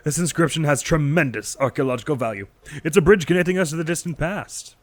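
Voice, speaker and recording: A man's voice: fairly high pitch, animated, quick pace, no echo, close to an everyday voice. Man reading as an eager young woman researcher. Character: eager young female researcher, brisk and scholarly.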